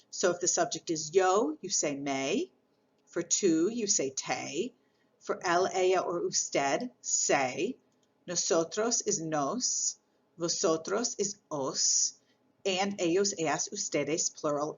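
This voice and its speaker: Woman, mid-pitched teacher voice, patient step-by-step explainer, muffled recording. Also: fairly bright tone. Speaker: Spanish teacher. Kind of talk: recorded lesson explaining grammar.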